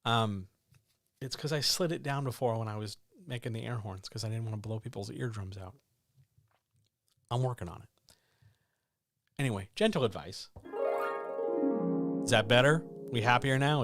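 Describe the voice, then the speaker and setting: A man's voice: medium pitch, moderate pace, long pauses, fairly bright tone, soft background music. A man hosting a live-stream advice show for writers, talking blunt and joking, straight to the listener. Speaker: host answering writing questions.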